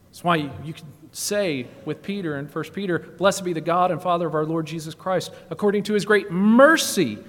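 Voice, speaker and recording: A man preaching a sermon in a church, swinging between loud emphatic exclamations and low hushed passages. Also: big-room sound. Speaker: guest preacher. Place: church sanctuary.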